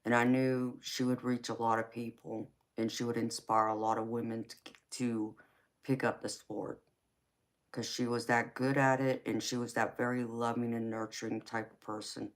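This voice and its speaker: Southern-accented woman, flat even delivery. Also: very deep voice, normal speed. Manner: affectionate, calls viewers baby. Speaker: tarot reader and livestream host. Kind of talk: casual live chat with viewers.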